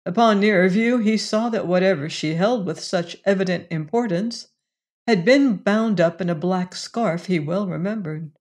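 A woman narrating an audiobook in a measured, deliberate storytelling manner. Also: mid-range voice, darkish tone. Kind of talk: scripted narration.

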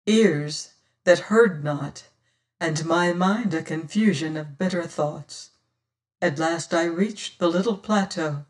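Slow, high-voiced male storyteller. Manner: solemn, old-fashioned storytelling. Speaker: audiobook narrator. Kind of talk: scripted first-person narration.

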